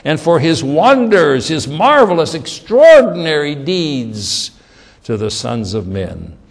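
A man preaching a sermon in an animated way, with restarts and repetition. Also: on the high side, creaky.

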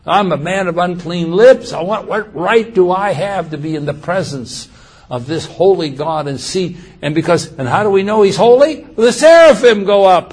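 A man delivers a sermon with a husky, slightly high voice. He talks fast through his asides, then raises his voice for emphatic lines. The delivery is animated and preacherly throughout. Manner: animated, swings from quiet asides to loud emphatic quotes.

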